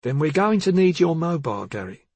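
A man's voice: fairly high pitch, sing-song, fairly quick, a little mellow, breathy edge, dry recording, pitched above the performer's own voice, heavily acted. A man voicing a pushy, needling policewoman. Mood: pressing. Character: blunt sardonic female detective sergeant.

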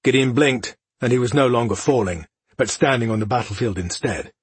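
A man reading fantasy narration for an audiobook, in an even, steady way. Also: medium pitch, brisk, breathy edge, no room sound.

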